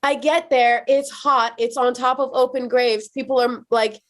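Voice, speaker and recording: Woman from Iran, podcast guest; animated storyteller, slightly high voice, filler-heavy. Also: normal speed. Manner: animated, frequent "like" fillers, acts out quoted people. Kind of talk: personal storytelling in conversation.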